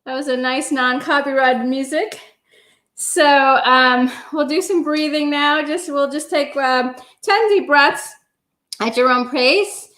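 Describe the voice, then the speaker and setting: A woman hosting a self-love affirmation session, talking gently and unhurriedly with many pauses and ums. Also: sits high. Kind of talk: guided affirmations and meditation talk. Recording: roomy echo.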